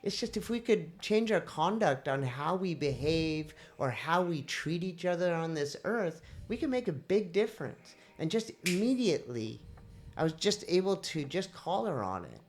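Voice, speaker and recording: A woman on a podcast telling a personal story in a casual, animated way, acting out the voices of the people in it. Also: fairly low pitch, moderate pace. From India. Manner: animated, acts out quoted voices. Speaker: podcast host.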